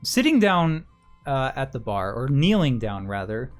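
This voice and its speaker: A man's voice: medium pitch, very animated, a little slow, soft background music. Rambling man game master. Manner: rambling, lots of fillers. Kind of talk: narrating a tabletop game.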